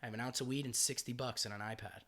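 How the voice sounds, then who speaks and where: A man's voice: medium pitch, very fast. A man in his thirties with an American accent, a comedian and podcast guest telling a long story casually, swearing freely and acting out the voices of the people in it. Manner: animated, swearing, acts out quoted voices.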